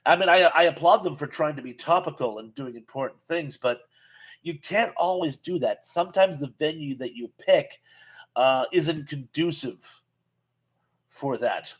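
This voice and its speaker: A man's voice: fairly high pitch, unhurried, poor audio. A man in his fifties hosting a casual live chat, reading viewer comments aloud and rambling with frequent restarts.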